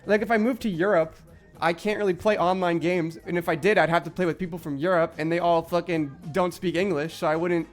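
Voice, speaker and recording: A man's voice: high-pitched, steady tone, fairly quick, faint music behind. A young man streaming, ranting in frustration with heavy swearing and lots of filler words. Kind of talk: casual live-stream chat while gaming.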